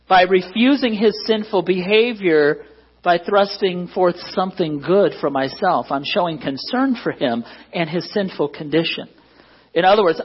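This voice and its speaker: Husky-voiced man preaching a sermon. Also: high-pitched, highs cut off. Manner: conversational, self-deprecating, asks the congregation for agreement. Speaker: pastor. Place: church.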